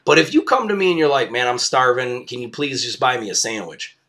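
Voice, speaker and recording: A man's voice: medium pitch, fairly quick. A young man hosting a podcast, telling a rambling story in a casual way and laughing at it. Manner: rambling, animated, laughs at his own story. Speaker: podcast host.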